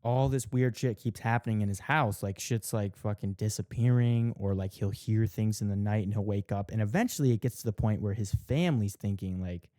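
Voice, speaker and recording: Low, dark-voiced man telling a story. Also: brisk, hardly any pauses, no room sound, studio quality. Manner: heavy swearing, many "like" fillers, acts out quotes. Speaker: podcast co-host. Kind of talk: casual chat, retelling a show's plot.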